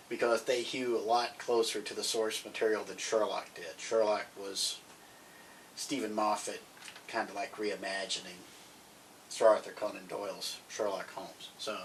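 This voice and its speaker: A man co-hosting a podcast, rambling cheerfully as he recommends TV series in casual chat. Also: lowish voice. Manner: chatty, rambling, grows excited. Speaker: podcast co-host. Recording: distant mic, faint background noise.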